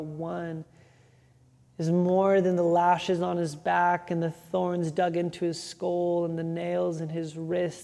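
Preacher, sermon delivery: gravelly, dark-toned voice, emphatic and repetitive, long hall reverb. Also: medium pitch.

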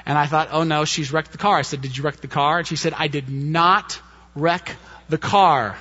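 A man telling a story from the pulpit, animated and quick to act out what each person said. His voice sits high and sounds bright and forceful. The recording is dull and muffled. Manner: animated storyteller, acts out quotes. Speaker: pastor. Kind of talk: sermon storytelling.

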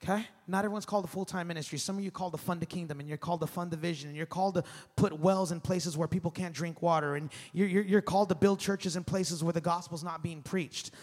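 Man, pastor, 30s, high voice, animated conversational sermon, long church-hall reverb. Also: fast talker. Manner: animated, conversational preaching with call-and-response.

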